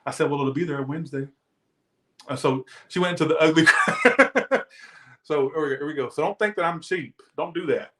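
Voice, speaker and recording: A man's voice: on the high side, animated, a little fast, sharp tone, roomy sound, slight background noise. A man reading tarot who rants defensively and emphatically to his viewers in casual talk. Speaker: tarot reader.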